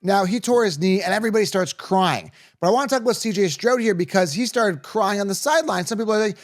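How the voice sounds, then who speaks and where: A man's voice: sits high, fast talker, few pauses. A man hosting a fantasy football show, giving blunt, opinionated sports commentary to camera and often tagging lines with "okay?" or "right?".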